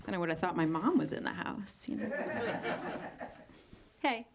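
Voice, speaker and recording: A woman's voice: fast, creaky, over a noisy crowd. A woman doing stand-up on stage, cheeky and self-aware. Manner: cheeky, self-aware, sudden high jumps in pitch. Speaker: stand-up comedian. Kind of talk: stand-up comedy. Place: comedy stage before a live audience.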